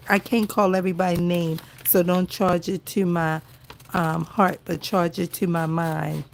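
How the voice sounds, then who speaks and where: A woman hosting a crafting livestream, gushing and teary as she talks warmly to her viewers, repeating exclamations and calling them y'all. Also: fairly low pitch, slight background noise. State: teary, near crying. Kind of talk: emotional casual livestream chat. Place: indoors at home.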